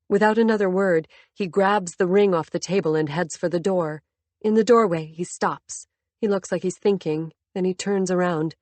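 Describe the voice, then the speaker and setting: Woman, audiobook narrator, first-person story, low voice, tense and intimate, dry close recording. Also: moderate pace, a little mellow, no room sound.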